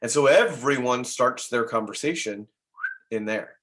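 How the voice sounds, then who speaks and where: A man giving an energetic real estate sales training talk, tossing in tag questions and quick laughs as he goes. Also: medium pitch. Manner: energetic, acts out dialogue in quick asides.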